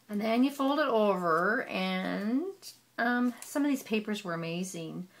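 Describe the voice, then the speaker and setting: A woman casually walking through a handmade scrapbook album, chatty and gushing, with frequent "um" pauses. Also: on the low side, vocal fry, fairly bright tone. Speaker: papercraft hobbyist.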